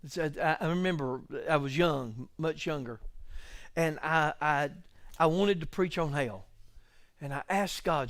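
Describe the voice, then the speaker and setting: A middle-aged pastor preaches with a high, smooth voice and an unhurried delivery. He drops to near-whispers, then rises to loud exclamations and calls out to his congregation. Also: no room sound, clean studio sound. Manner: swings between hushed musing and loud exclamations. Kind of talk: sermon. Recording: live church service stream.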